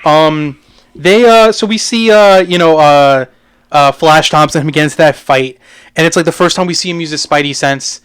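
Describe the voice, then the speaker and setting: Podcast guy rambling about a movie, laughs a lot, smooth clear voice. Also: fairly high pitch, moderate pace, a bit bright. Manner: laughs often, many fillers. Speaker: podcast co-host. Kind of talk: casual movie review chat.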